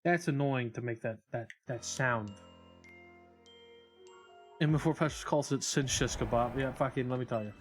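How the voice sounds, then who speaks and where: A male game streamer talks casually to his chat, swearing freely and rambling from joke to joke. His voice sits in an ordinary middle pitch. Faint music plays under him. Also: normal speed, long pauses. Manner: profane, rambling, joking with chat.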